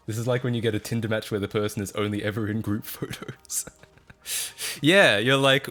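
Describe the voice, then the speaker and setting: Man, fairly low voice, casual livestream chat, laughs a lot, incredulous, faint music behind. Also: moderate pace, long pauses, pushed and bright. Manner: chatty, laughs often, incredulous outbursts.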